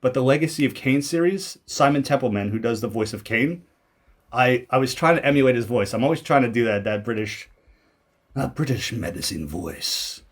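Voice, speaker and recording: A young Canadian man with a medium-pitched voice talks a little fast as he gives casual commentary over his own old video. He rambles and pokes fun at himself, with plenty of fillers and restarts.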